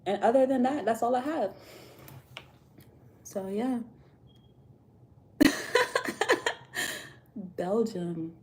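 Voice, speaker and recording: Speaking slowly, with long pauses and a warm tone, this American woman has a voice on the high side. She hosts a tarot livestream from home, chatting with viewers in loose slang and laughing frequently.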